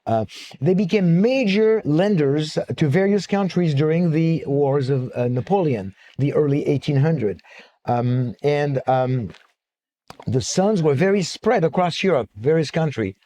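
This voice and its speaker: A man speaking at a church conference in an animated, joking lecture style with frequent fillers. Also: fairly high pitch, a little slow. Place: church auditorium. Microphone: stand-mounted microphone.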